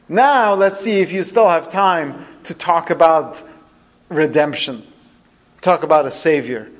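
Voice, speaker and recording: A man's voice: sits high, voice pushed up. A man voicing a mocking ancient king within a spoken lesson, with a scornful, raised voice. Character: arrogant male Egyptian king mocking slaves.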